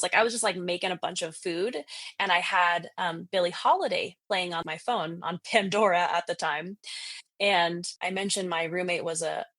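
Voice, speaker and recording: A woman in her thirties, a podcast guest, telling a story in lively casual chat, full of fillers and laughs. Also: on the low side, dry recording. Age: 30s. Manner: animated, lots of fillers and laughs, acts out quotes.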